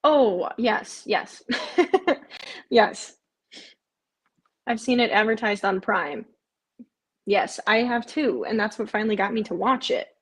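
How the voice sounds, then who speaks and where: A woman hosting a casual live watch-along takes it slowly, pausing often, in a mid-range, slightly rough voice. Answering viewer comments as she chats, she leans on frequent "um" fillers and repeated phrases.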